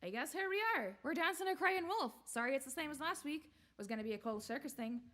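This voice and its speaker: A woman's voice: high-pitched, expressive, fast talker, fairly bright tone. A woman hosting a live-streamed variety show, chatting casually and bantering in a rambling way.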